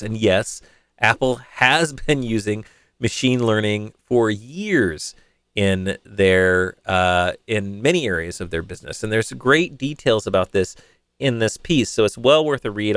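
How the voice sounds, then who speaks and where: A man hosting a solo tech news podcast, chatty and conversational, with fillers and quick self-corrections. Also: medium pitch, fairly bright tone, clean tone, no room sound, clean studio sound. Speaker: podcast host.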